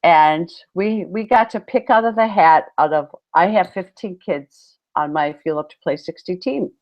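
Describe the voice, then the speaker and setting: Lowish-voiced woman chatting on a podcast, really animated storytelling, muffled sound. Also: normal speed. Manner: animated storyteller, acts out quotes with big exclamations. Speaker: podcast co-host, PE teacher. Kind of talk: casual chat. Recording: muffled lo-fi audio.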